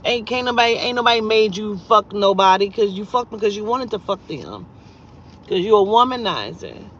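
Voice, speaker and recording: A woman vlogging casually to her viewers, blunt and profane, jumping between loud outbursts and low, muttered asides as she tells a story from a parked car. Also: expressive, moderate pace. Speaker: vlogger and spiritual reader. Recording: dull lo-fi sound with faint vehicle noise.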